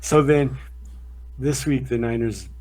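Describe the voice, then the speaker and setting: A man co-hosting a podcast, chatting casually about sports in a rambling, profane, animated way. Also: mid-range voice, slow. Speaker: podcast co-host. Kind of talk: casual chat.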